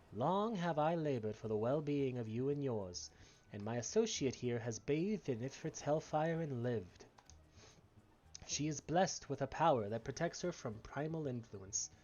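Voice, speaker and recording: A man's voice: mid-range voice, a little mellow, muffled recording. A man putting on a solemn, resolute female mage. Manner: slow, formal, earnest speech. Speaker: streamer reading game dialogue.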